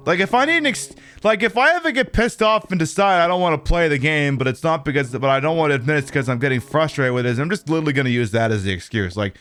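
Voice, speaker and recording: A man's voice: mid-range voice, animated, quick pace, few pauses, a bit bright. A man streaming a horror game, chatting casually in a rambling, opinionated way with lots of fillers. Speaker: livestreamer. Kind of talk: casual gameplay commentary.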